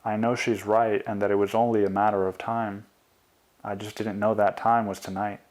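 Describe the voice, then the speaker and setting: Male author-narrator, slightly low voice, quiet and confessional audiobook reading. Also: level tone, normal speed.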